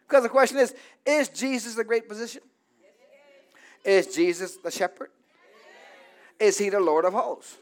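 High-voiced man preaching a sermon. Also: very animated, moderate pace, pauses often. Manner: call-and-response preaching, rising to shouts. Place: church.

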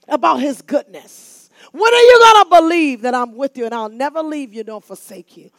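Lady preacher going hard, shouting at the church then telling stories, gravelly high voice. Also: expressive, a little slow, dry recording. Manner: fervent, shouting exhortation to the congregation; casual storytelling between bursts. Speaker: minister. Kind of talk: sermon.

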